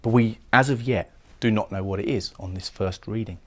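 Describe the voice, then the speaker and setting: A man's voice: on the low side, moderate pace. A man giving a recorded poetry lecture, explaining lines of a poem and often repeating words as he goes. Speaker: literature lecturer.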